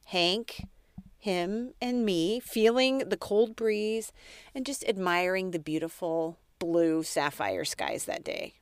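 A woman's voice: medium pitch, fairly bright tone, dry recording, studio quality. A woman hosting a podcast, telling her own story in a candid, self-deprecating way and talking straight to her listeners. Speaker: podcast host.

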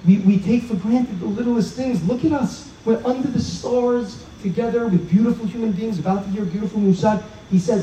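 Animated man telling stories, higher mellow voice. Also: brisk, hardly any pauses, a little hiss or hum. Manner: animated storyteller who acts out quoted dialogue. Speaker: speaker at a religious event. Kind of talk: inspirational talk. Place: outdoor evening gathering. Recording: roomy, dull sound from a distance.

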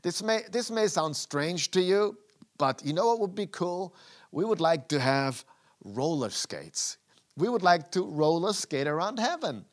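A man's voice: sits high, animated, a little slow. A man voicing a group of eager little mice in a joke told during a sermon. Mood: hopeful.

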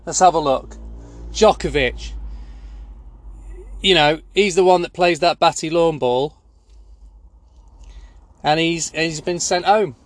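Slow rambling deadpan man. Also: a little high, no room sound. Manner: rambling, deadpan, filler-heavy. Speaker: comedy news host. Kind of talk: absurdist deadpan spoof news.

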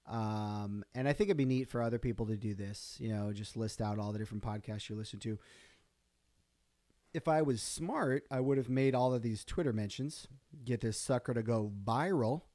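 A man's voice: medium pitch, normal speed, mellow, no echo. Chatty man rambling on a solo stream. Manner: rambling, chatty, self-interrupting with fillers. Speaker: podcast host. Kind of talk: casual solo live stream.

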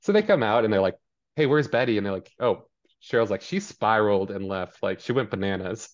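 On a podcast, a co-host with a somewhat low voice casually recaps a TV episode, slipping into quick, animated character impressions along the way. The audio is muffled and lo-fi.

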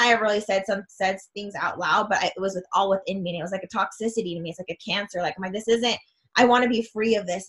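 A woman coach talking in a relaxed podcast chat, earnest and gushing. She keeps breaking into excited, emphatic bursts, with a medium-pitched, everyday voice. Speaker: women's self-love coach. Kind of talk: casual podcast conversation.

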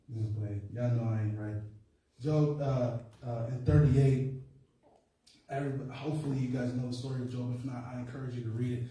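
A man's voice: mid-range voice, fairly even intonation, a little fast, dark tone. A man preaching a sermon in a church, in a conversational style with call-and-response and rising emphasis. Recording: echoey room, mic far off.

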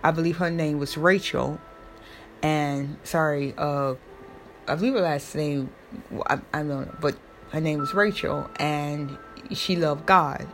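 A woman's voice: low-pitched, unhurried, slight background noise. A young woman talking casually and emotionally, rambling with many fillers and restarts. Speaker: host. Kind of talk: casual personal talk.

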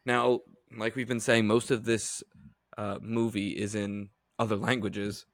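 A man co-hosting a film podcast who steers the conversation in a measured, agreeable way. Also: on the low side, level tone, no echo, clean studio sound. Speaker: podcast co-host. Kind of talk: casual film podcast chat.

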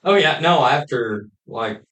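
A man's voice: medium pitch, animated, a little slow, a bit bright, echoey room. A man appearing as a guest on a casual podcast, trading joking, profane banter. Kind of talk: casual chat.

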